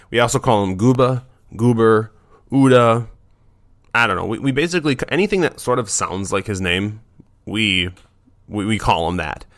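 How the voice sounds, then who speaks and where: A man with a fairly low voice hosts a dog training podcast. He talks on his own in a loose, casual way, full of fillers and quick restarts. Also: fairly bright tone.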